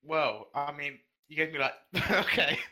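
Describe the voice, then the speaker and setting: A man's voice: a little high, expressive, unhurried, pushed and bright. A young man, an intern on a podcast, sounding sheepish and reluctant and laughing nervously. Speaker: intern co-host. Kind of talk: casual podcast chat.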